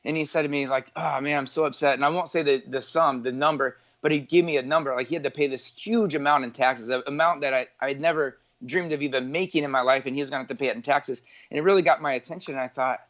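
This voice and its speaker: A man's voice: medium pitch, fast talker, hardly any pauses, a bit bright, muffled recording. A man in his forties, an entrepreneur from northwest Indiana, telling his life story as an interview guest in a rambling way, full of filler words and self-corrections. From northwest Indiana, USA.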